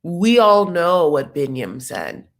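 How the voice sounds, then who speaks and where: A woman's voice: on the low side, very animated, slow. A woman hosting a casual live reaction chat, chatty and sassy, tossing out jokes and asides as she recaps. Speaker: recap show host.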